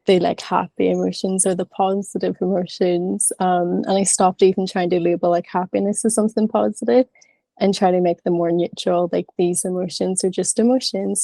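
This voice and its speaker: A woman's voice: mid-range voice, fairly even intonation, moderate pace, creaky, dark tone, no echo. A woman in her thirties sharing openly and chattily in an online class, with plenty of filler words. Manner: frank, chatty, many fillers. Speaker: class participant.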